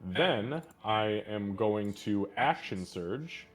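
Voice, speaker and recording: A man's voice: fairly low pitch, extremely slow, soft background music. A man playing a tabletop game, talking casually, explaining his moves with frequent swearing. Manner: crude, swears often, animated.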